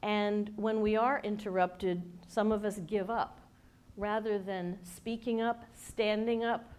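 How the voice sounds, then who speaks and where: Animated woman giving a wry live talk. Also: medium pitch, slow, clean tone. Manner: animated, emphatic, wry humor. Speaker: leadership speaker and coach. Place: event space with a studio audience.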